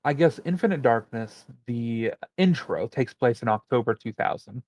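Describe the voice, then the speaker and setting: A man's voice: medium pitch, normal speed, dry recording. Casual podcast guy, dull dry sound. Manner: relaxed, rambling, looks things up as he talks. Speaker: podcast co-host. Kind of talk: casual chat.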